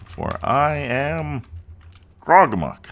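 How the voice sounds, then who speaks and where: A man's voice: a little high, expressive, fairly bright tone, voice pushed up, heavily acted. A man voicing a scarred, malevolent male goblin chieftain with a guttural, snarling growl. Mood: menacing. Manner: snarling, slow and menacing.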